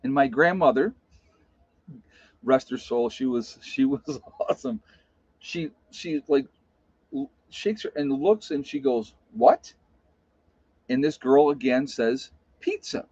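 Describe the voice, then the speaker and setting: A man's voice: medium pitch, unhurried, a little mellow, breathy edge, dry recording. A man hosting a casual live stream, talking bluntly and telling stories to his chat. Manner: blunt, plain-spoken storyteller. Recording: dull lo-fi sound.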